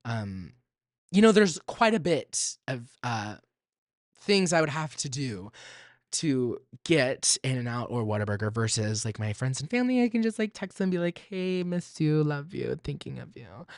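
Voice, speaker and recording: A man's voice: medium pitch, sing-song, normal speed, dry recording, clean studio sound. Chatty young man hosting solo podcast. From Texas. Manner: chatty and self-deprecating, with sudden squeals and laughs. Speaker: podcast host.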